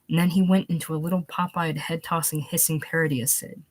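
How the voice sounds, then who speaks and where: A woman narrating a short story aloud, steady, going back to fix small slips. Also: sits low, quick pace, hardly any pauses. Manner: steady reading, restarts after slips. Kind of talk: audiobook reading of a short story.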